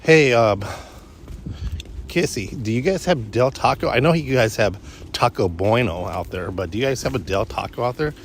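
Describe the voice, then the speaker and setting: A man's voice: medium pitch, lively intonation, moderate pace. Vlogger, male, rambling walk-and-talk delivery, loose and chatty, faint traffic behind. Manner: meandering, self-interrupting, frequent restarts. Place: outdoors on a morning walk.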